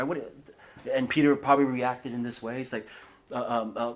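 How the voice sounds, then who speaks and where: Casual, animated preacher man. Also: mid-range voice, quick pace. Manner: casual, animated, tags lines with "right?", many restarts. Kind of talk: conversational sermon. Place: house church living room.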